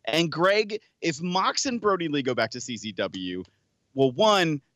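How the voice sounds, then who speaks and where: A man's voice: fairly high pitch, big pitch swings, measured pace, a bit bright, no echo, studio quality. Matter-of-fact podcast man. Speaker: podcast co-host. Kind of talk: casual chat.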